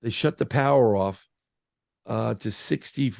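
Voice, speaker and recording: A man's voice: medium pitch, a little slow, gravelly, a little mellow, dry recording, studio quality. A man being interviewed as a paranormal researcher, telling a story in a casual, rambling way with lots of fillers and restarts.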